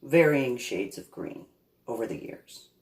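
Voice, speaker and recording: A woman from New Jersey telling a rambling personal story in a halting, digressive way, with many restarts. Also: a bass voice, expressive, darkish tone. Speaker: reverend recounting memories. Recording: echoey room.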